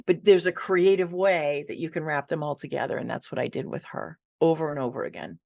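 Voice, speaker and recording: A woman guest on a podcast, telling animated stories about her writing work and laughing easily. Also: sits low, a little fast, gravelly, dry recording. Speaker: ghostwriter guest. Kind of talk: casual interview chat.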